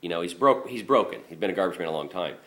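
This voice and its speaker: A man's voice: low-pitched, animated, rapid-fire, fairly bright tone. Blunt, profane garbage man telling stories. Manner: blunt and profane, rambling with restarts. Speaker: garbage truck driver. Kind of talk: casual storytelling monologue.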